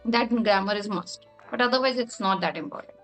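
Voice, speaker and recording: A woman's voice: mid-range voice, fairly quick, soft background music. A woman whose first language is Hindi, answering interview questions at length in a casual, explanatory way, often using "like" as a filler and laughing between points.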